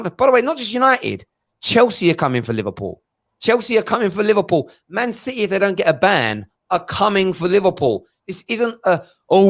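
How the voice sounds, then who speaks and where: A man hosting a football fan phone-in, reading viewer messages and launching into passionate rants that build toward shouting. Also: a little high. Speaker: phone-in show host. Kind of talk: casual fan phone-in chat.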